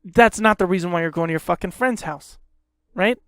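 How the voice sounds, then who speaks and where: A man's voice: high-pitched, fairly quick, fairly bright tone, dry recording, studio quality. A man hosting a podcast, ranting heatedly in a casual, profane way and repeating himself. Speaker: podcast host.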